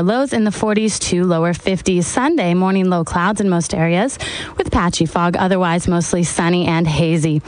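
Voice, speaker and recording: A woman's voice: medium pitch, rough recording. Woman reading a radio weather forecast.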